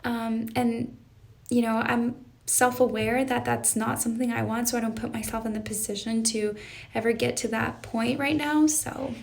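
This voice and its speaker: Over what sounds like a webcam or phone mic on a casual stream, a young life coach reads her viewers' questions aloud and responds earnestly and thoughtfully. She talks at a moderate pace with fairly even intonation, her slightly high voice carrying a fry-tinged, gravelly quality.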